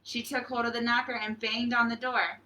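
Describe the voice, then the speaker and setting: Cheerful animated woman librarian. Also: a little high, moderate pace, echoey room. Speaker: children's librarian. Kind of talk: preschool storytime reading and singing. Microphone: fixed camera.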